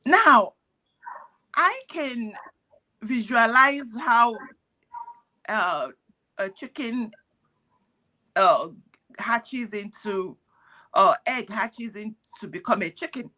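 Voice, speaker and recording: A woman's voice: fairly high pitch, expressive, very slow, pauses often, pushed and bright. A woman giving earnest, preachy commentary in parables, sounding pained. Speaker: activist speaking on a call. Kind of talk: impassioned commentary.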